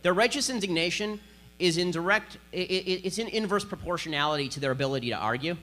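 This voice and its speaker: A man makes his case in a political speech, sarcastic and hard-hitting. His voice is bright and forceful, sitting slightly above the usual male pitch. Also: fast. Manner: combative, sarcastic, emphatic. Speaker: conservative speaker.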